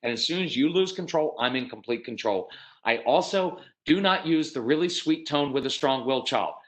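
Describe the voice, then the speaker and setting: American man, middle-aged, parenting workshop speaker; direct, matter-of-fact, animated with acted voices. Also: medium pitch, poor audio. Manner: animated, acts out parents and kids in quick voices. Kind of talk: live parenting workshop talk.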